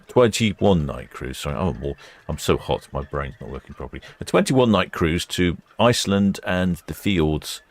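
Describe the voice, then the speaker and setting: A low-pitched, gravelly British voice hosts a live ship-watching stream. He's indoors in a warm room by the quay, chatting casually and reading out what viewers comment.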